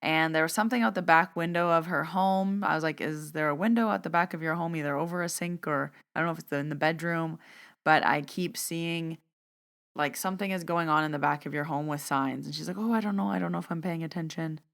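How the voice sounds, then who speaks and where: A woman's voice: deep voice, steady tone, fairly quick, a bit bright, clear, resonant tone. A woman podcast host casually recounting a conversation, acting out both sides of the dialogue in a chatty way. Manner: chatty, retells dialogue with "I was like". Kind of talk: casual storytelling monologue.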